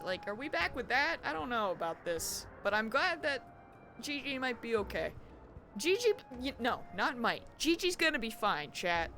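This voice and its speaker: A young woman streaming a game, reacting excitedly and emotionally, with frequent laughter. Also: a little high, moderate pace. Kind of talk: live game stream commentary. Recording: game music behind.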